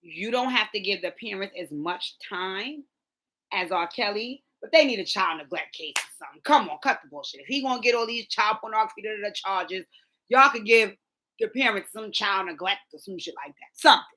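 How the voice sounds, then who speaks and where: A woman's voice: medium pitch, expressive, a little fast, bright, forceful tone, rough recording. A woman hosting her own vlog, giving blunt opinions in casual chat and repeating lines for emphasis. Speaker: host.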